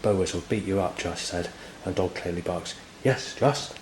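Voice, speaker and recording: A man's voice: sits low, little pitch movement, fairly quick, darkish tone, a little hiss or hum, rough recording. A man, rambling and hesitant with many fillers, recording a spoken log indoors. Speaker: diarist recording a personal log. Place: indoors in a building.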